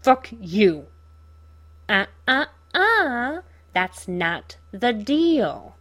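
A haunted male vigilante, worn down by grief, speaks low and raspy in flat, clipped words, as a woman reading the story puts him on. His pace is slow and heavy, with a lowish voice throughout. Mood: defiant. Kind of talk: audiobook reading of fan fiction.

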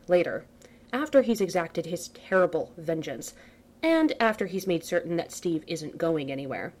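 Animated woman reading a story wryly. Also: lowish voice, moderate pace. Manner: wry, animated, swearing freely. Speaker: reader of fan fiction.

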